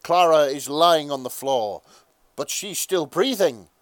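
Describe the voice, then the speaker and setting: A man narrating a comic fan fiction reading as host, mostly deadpan with bursts of laughter. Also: on the high side, unhurried.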